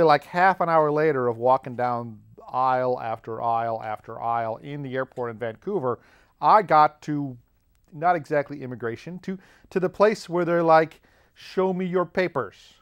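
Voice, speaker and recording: Smooth and medium-pitched, this American man hosts a podcast where he meanders through a funny story, frequently breaking into chuckles along the way.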